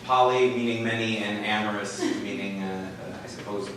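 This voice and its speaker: A man telling a comic personal story at a live story slam, halting and full of fillers, with a wry, self-mocking manner. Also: on the low side, steady tone. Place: small live venue with an audience. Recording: echoey room, mic far off, faint hiss.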